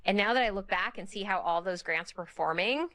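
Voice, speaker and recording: A woman's voice: medium pitch, brisk, fairly bright tone, dry recording. A woman being interviewed who speaks in an earnest, reflective way. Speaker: interview guest.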